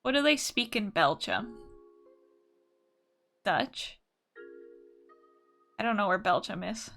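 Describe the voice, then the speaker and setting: A young woman from the United States chats loosely with her viewers during a live art stream, swearing freely. Her voice is bright and forward, and her pitch bounces around a lot as she talks. Soft music plays faintly behind her. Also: sing-song, slow pace, creaky. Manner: chatty and profane, answering chat. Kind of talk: casual live-stream chat.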